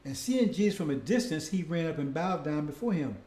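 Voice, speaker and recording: A man preaching a rambling, repetitive sermon who keeps checking with his listeners. His voice sits high for a man, but the tone is mellow and dark. The sound is roomy, with echo. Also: expressive, fairly quick. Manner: repetitive, keeps asking "see?" and "right?"; addresses "brothers and sisters".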